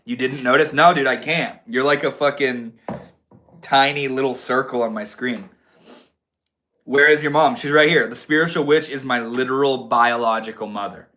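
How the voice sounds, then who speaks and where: A man's voice: mid-range voice, moderate pace, bright, forceful tone. A young man from Maine hosting a casual livestream, chatting in a slangy, laid-back way and answering viewers. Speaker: livestream host.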